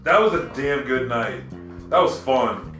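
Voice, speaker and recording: A man in casual chat, swearing freely and telling animated stories. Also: mid-range voice, measured pace, roomy sound, faint music behind. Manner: profane, animated storyteller.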